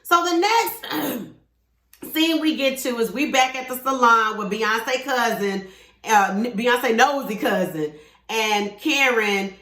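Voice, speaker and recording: A woman reviews a TV episode in a relaxed, gossipy recap. She talks to her viewers with sassy asides, in a voice a bit higher than most. The room around her is echoey. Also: takes it slowly. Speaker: TV show reviewer.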